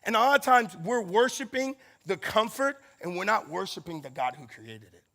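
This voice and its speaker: A high-pitched man tells a funny story from the pulpit, acting out the voices of the people in it. His voice is bright and forceful with a gravelly edge. He laughs often as he talks. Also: lively intonation, normal speed. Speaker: campus ministry speaker. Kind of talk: storytelling sermon.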